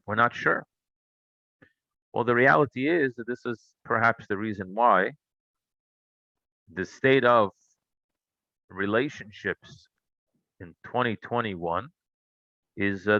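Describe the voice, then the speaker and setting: A man's voice: medium pitch, creaky, no room sound, lo-fi sound. A man teaching a Torah class, telling stories and asking rhetorical questions. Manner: animated storytelling, asks rhetorical questions.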